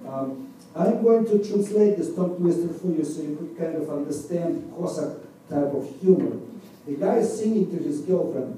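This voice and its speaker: A high, mellow-voiced man with a Russian accent chats with an audience and recites tongue twisters with a friendly, joking touch. His voice echoes through a large room and is picked up from a distance. A faint hiss sits underneath. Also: animated. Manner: friendly, explains with light humor and slow careful recitations. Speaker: balalaika musician presenting to an audience. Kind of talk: live talk to an audience between songs. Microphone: far room microphone. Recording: echoey room recorded from afar with faint noise.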